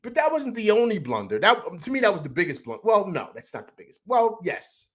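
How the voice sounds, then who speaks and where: A man hosting a postgame football show rants about the game in a heated, rambling way, tripping over repeated words. His voice sits a bit high for a man and swings up and down a lot as he talks. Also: wildly swooping pitch, brisk, a bit bright. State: upset after a loss. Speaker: sports show host. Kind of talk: emotional postgame sports rant.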